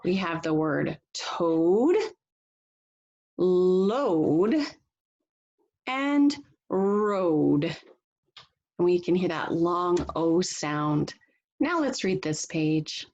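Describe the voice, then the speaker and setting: Woman, teacher, phonics read-aloud, slow, lively pitch. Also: highs cut off. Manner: slow, deliberate reading with lively pitch and soft laughs.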